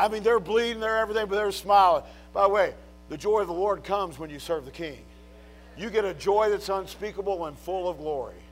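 A man preaching a chapel sermon, telling a Bible story with animated storytelling that swings from hushed to shouting. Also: on the high side. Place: college chapel.

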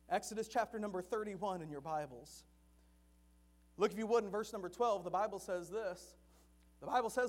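A man preaching a sermon in a chapel, telling a story softly and then rising to loud, fervent emphasis. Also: sits high, moderate pace, pauses often.

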